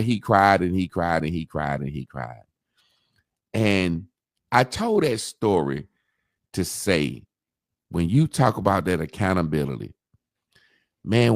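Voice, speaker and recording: A man's voice: on the low side, no echo, clean studio sound. A man telling a long story in casual chat, swearing freely and acting out what others said. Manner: profane, animated storytelling, acts out quotes. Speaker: podcast co-host.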